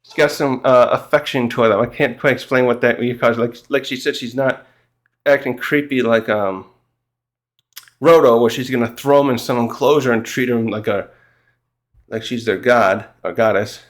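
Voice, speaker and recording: Brief: male manga reviewer, loose halting recap, mid pitch, laughs a lot, voices characters in quotes. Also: fairly even intonation. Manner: rambling, halting, laughs often, acts out characters' lines. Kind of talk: casual chapter recap.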